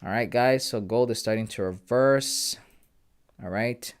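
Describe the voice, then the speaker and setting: A young man, chatting casually on a trading livestream, laid-back and slangy, reading out comments and breaking into loud shout-outs. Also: medium pitch, measured pace, smooth, no echo, studio quality. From Canada. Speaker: live-streaming forex trader.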